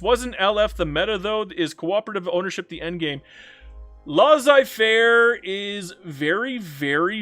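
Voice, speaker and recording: High-pitched guy streaming a strategy game, jokey and chatty, loud then mumbly, faint music behind. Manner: joking, talks to himself and chat, swings from loud to mumbled. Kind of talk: casual live-stream commentary.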